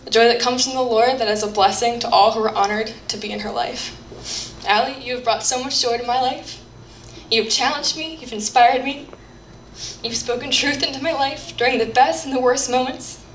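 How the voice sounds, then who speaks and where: A woman's voice: on the high side, steady tone, brisk. A young woman reading a heartfelt, earnest toast at a wedding reception. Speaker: maid of honor giving a toast. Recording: roomy, distant, faint background noise.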